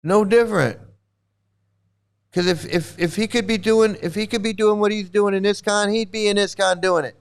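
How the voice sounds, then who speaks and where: A man's voice: high voice, steady tone, normal speed, creaky, faint music behind. A man hosting angry reaction commentary, talking heatedly with a lot of swearing and repeating himself. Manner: heated, profane, repetitive. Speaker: commentary channel host.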